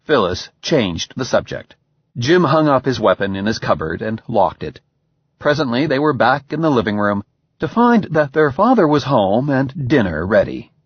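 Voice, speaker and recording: Husky, expressive male narrator. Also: medium pitch, normal speed, no echo. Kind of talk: audiobook narration. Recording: slightly dull, dry recording.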